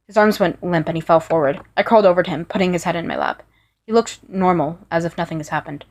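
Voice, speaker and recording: A woman with a slightly low voice reading a first-person fan fiction story aloud. Her delivery is earnest and unpolished, with small restarts now and then. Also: quick pace. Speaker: story reader.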